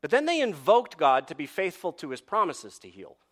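A man preaching a sermon with dramatic pauses and rhetorical questions, reading scripture and telling a story to his congregation. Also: a little high, huge pitch swings, a bit bright. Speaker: pastor.

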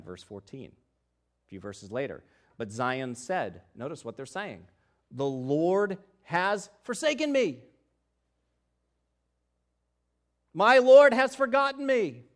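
A man preaching a sermon who moves from hushed, low passages to loud, emphatic ones and voices the doubts of biblical figures. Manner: acts out the voices of doubters in scripture. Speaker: pastor.

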